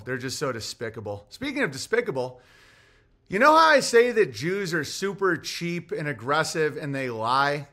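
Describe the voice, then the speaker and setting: A man's voice: on the high side, sharp tone. A man hosting a livestream, talking in a rambling, provocative and profane way. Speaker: comedian and show host. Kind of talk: casual livestream monologue.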